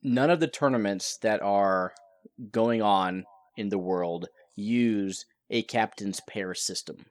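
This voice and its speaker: A man's voice: on the low side, takes it slowly, no echo. A man on a podcast explaining how a tournament works, matter-of-fact and correcting the others. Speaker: podcast co-host. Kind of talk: casual chat.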